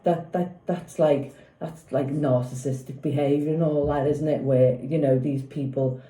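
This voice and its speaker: A woman in her fifties rambles through her opinions in a casual vlog, looping back on herself and seeking agreement. Her voice is deep-toned and very mellow, with no brightness at all. The room around her rings with a noticeable echo. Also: fairly even intonation, a little slow. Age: 50s. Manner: rambling, opinionated, keeps asking "do you know what I mean". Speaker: vlogger. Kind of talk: casual opinion chat about a TV show. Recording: echoey room.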